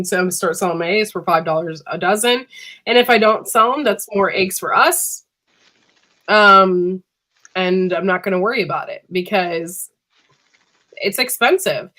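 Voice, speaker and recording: A woman's voice: mid-range voice, a bit bright. A woman hosting a casual live-stream chat from home, sick and coughing, chatty and laughing often. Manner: chatty, laughing, says freaking a lot. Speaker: host.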